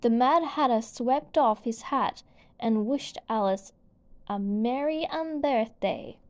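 Woman storybook narrator; unhurried, clear, slightly high-pitched read-aloud. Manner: slow, gentle, clear reading.

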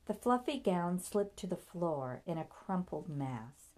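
A woman narrating a novel aloud in a steady, measured storytelling voice. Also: lowish voice. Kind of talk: audiobook reading.

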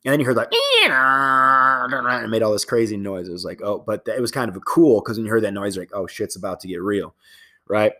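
A man's voice: mid-range voice, sing-song, a little fast, hardly any pauses, bright, forceful tone. A middle-aged man hosting a fitness podcast, talking in a loose, rambling, profane casual monologue.

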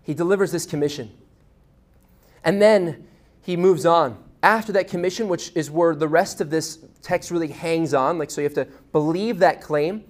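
A man preaching a sermon as a pastor, animated, getting loud and quick when he tells a story, with restarts. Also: fairly high pitch. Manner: animated, grows loud and fast in stories, with restarts.

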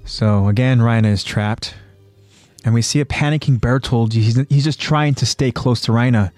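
A man's voice: mid-range voice, moderate pace, darkish tone, no room sound, faint music behind. A man hosting a podcast, plainly retelling an anime episode with fillers. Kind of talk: episode recap narration.

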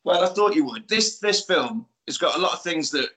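Bright-voiced man recapping a film. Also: on the high side, expressive, brisk, low-quality recording. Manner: playful storyteller, acts out film lines in put-on voices. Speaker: podcast host recapping a film. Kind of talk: casual comedic film recap.

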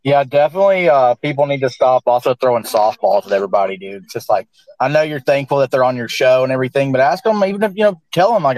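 Fast-talking Southern man saying "dude". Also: mid-range voice, very animated, darkish tone, dry recording, low-quality recording. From American South. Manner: rambling, says "dude" and "like" a lot. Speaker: guest speaker. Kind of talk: casual live audio chat.

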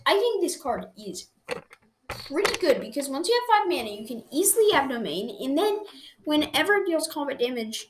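A woman's voice: high-pitched, a bit bright, a little hiss or hum. A woman reviewing cards in casual chat, enthusiastic and argumentative, rambling with restarts. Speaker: card game reviewer. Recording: roomy echoey room.

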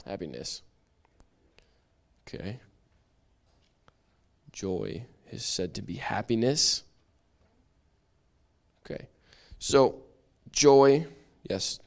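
A man leads a church Bible study in a casual, talkative way. His voice sits on the lower side, and he laughs at himself and restarts sentences as he goes. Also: very animated, extremely slow, vocal fry, pauses often, darkish tone. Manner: chatty and self-deprecating, with frequent restarts.

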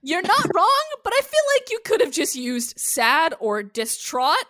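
A woman's voice: extremely high pitch, unhurried, no room sound, studio quality. A woman hosting a podcast in casual chat, recapping a show animatedly and cursing freely. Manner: animated, swears freely, acts out characters' lines. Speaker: podcast host recapping episodes.

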